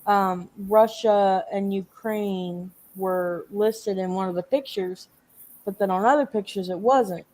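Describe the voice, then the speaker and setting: A woman's voice: medium pitch, slow pace, a little mellow. A woman hosting a live panel chat, talking casually and rambling, often restarting her sentences. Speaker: host.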